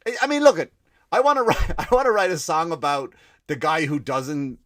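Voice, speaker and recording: A man's voice: a little high, a little fast. An Irish man hosting a comedy podcast, telling stories in a swearing, ranting way. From Ireland. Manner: profane, ranting, animated. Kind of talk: comic rant and storytelling.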